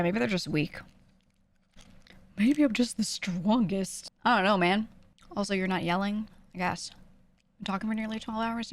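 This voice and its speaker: A woman streamer chatting casually with her viewers, talking quickly and lightly projecting her voice for the mic. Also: medium pitch, creaky, a bit bright. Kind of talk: casual chat answering a livestream chat.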